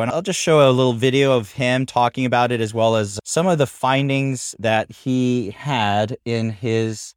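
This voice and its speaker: A man co-hosting a podcast, talking in a relaxed way with some fillers. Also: mid-range voice, no echo, studio quality. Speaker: podcast co-host. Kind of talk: casual chat.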